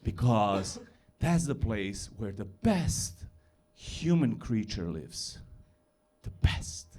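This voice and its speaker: Animated Balkan-accented comedian, lively pitch. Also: male voice, slow pace. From former Yugoslavia. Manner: animated, often laughing through punchlines. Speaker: stand-up comedian. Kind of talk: stand-up comedy set. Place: comedy club stage.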